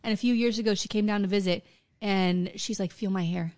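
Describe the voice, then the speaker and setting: A woman in her forties co-hosting a podcast, telling stories in a casual, animated and profane way. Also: medium pitch, brisk. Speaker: podcast co-host. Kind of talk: casual chat.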